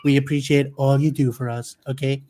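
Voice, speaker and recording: A man's voice: mid-range voice, level tone, a little fast, warm tone, a little hiss or hum, natural voice. A man doing an impression of a blustering older male politician, rambling and throwing insults in a self-important way over a video call. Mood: mocking.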